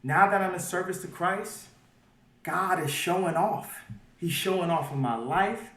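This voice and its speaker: Emphatic high-voiced man, roomy and distant. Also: unhurried. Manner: emphatic, swings from quiet to loud. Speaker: interview guest. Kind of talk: animated interview talk. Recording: roomy audio from far off.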